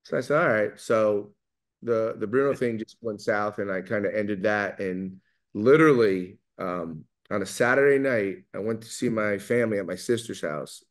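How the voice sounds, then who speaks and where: A middle-aged man with a New York accent, talking fast and loud as he tells animated stories in an interview. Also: lowish voice. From New York area. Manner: fast, loud, animated storyteller who acts out quotes. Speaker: guest, pizza maker. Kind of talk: storytelling in an interview.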